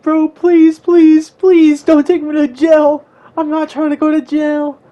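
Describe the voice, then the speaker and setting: A man voicing his younger self as a crying little boy, pleading in a high, loud, whiny voice. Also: monotone, slow pace, muffled recording. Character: panicked crying little boy, second grader.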